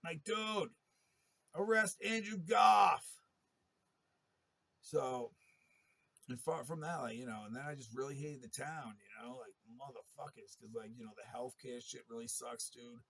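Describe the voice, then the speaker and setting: A man's voice: medium pitch, steady tone, fairly quick, hardly any pauses, slightly rough. A man in a long, rambling monologue, talking in a profane and agitated way. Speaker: interviewee telling his story.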